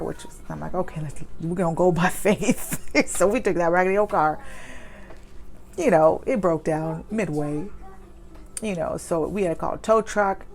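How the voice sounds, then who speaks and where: A woman in her thirties, a mother, telling a personal story at home in a candid, chatty way with lots of fillers, speaking fast. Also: fairly low pitch, vocal fry. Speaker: vlogger. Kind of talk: personal story time, advice to viewers. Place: home with children nearby.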